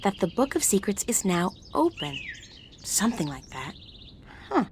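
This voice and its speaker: A woman's voice: medium pitch, huge pitch swings, moderate pace, noisy background. An actress voicing a young female adventure-game heroine who makes dry, wry remarks on what she sees. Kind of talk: video game voice acting.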